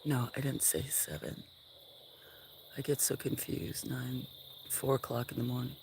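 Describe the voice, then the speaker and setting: A woman on a casual farm livestream, chatting with viewers and talking softly to her animals. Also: rumbling low, level tone, a little slow. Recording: outdoor noise with chirping crickets. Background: crickets and insects.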